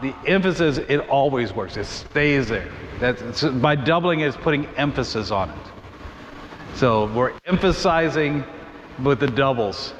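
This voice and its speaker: A man's voice: medium pitch, a bit bright. A man leads a Bible class at church, explaining at an easy conversational pace with restarts and asides. The recording is muffled, with a long reverb and a faint hiss behind him. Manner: conversational, thinks aloud with restarts and quick asides.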